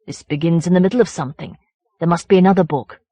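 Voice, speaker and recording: A curious adult man poking around old ruins, speaking in a low-key, matter-of-fact way, as a woman reads him in a horror audiobook. The voice sits a little low and the sound is close and dry. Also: quick pace, warm tone, no echo, natural voice.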